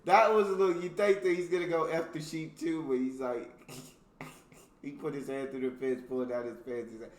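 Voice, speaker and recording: A man's voice: mid-range voice, moderate pace, echoey room. An American man hosting a reaction video, reading jokes aloud in casual commentary and laughing often between them. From United States.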